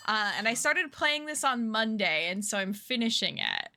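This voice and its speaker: A woman's voice: on the high side, sing-song, normal speed, sharp tone, slight background noise. A woman streaming a mystery game, chatting casually, reading chat aloud and reacting with gasps and laughs.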